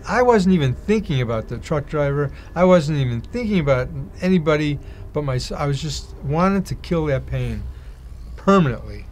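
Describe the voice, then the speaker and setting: A man's voice: fairly high pitch, expressive, moderate pace, darkish tone, soft background music. A middle-aged man giving a personal testimony, acting out the voices of people in his story. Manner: acts out quoted dialogue in other voices. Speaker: interviewee telling his testimony.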